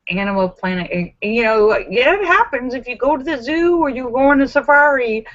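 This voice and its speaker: A woman hosting a casual live stream from home, chatting with viewers and telling stories with animated voiced reactions. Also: sits high, brisk, dry recording. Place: home in Los Angeles. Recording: dull lo-fi sound.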